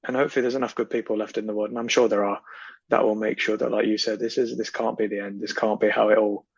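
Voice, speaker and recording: A man's voice: lowish voice, little pitch movement, quick pace, gravelly, slightly rough, no echo. A man speaking as a podcast guest, earnest and impassioned, often repeating phrases for emphasis. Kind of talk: casual podcast conversation. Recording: slightly dull lo-fi audio.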